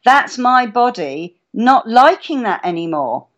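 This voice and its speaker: A woman's voice: on the high side, very animated, measured pace, muffled recording. A woman chatting casually on a live stream, telling stories and acting out her own reactions. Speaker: guest speaker.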